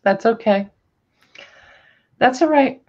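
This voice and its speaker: A woman's voice: a little high, slow pace. Chatty woman hosting a live sale. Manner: chatty, calls out viewers by name. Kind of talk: casual live-stream selling chat. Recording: dull lo-fi sound.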